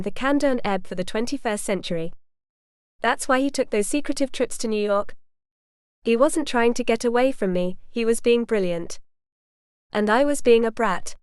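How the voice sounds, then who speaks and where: A woman narrates a first-person audiobook with a wry, expressive touch. Her voice is smooth and polished, set a little high. The sound is close and dry, like a studio booth. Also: no room sound.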